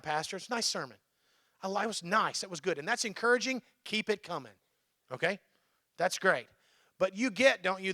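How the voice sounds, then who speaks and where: High bright-voiced male pastor preaching. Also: no echo, clean studio sound. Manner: conversational, checks in with the crowd. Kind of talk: sermon. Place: church.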